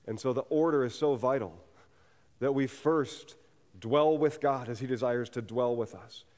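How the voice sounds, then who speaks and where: The pastor's voice here is medium-pitched, somewhat slow and darkish as he preaches earnestly, building to fervent emphasis. He speaks in a church sanctuary, captured with the long reverb of a church hall.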